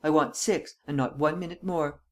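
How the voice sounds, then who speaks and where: A reader doing a calm, measured chief detective. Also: mid-range voice, close to an everyday voice. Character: calm, self-assured male chief detective. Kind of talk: audiobook reading.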